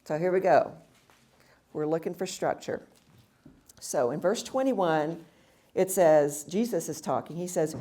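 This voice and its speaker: A woman's voice: lowish voice, animated, slow pace, long pauses, warm tone. A woman teaching a Bible study session at a women's retreat, reading verses aloud and then explaining them with frequent fillers and restarts.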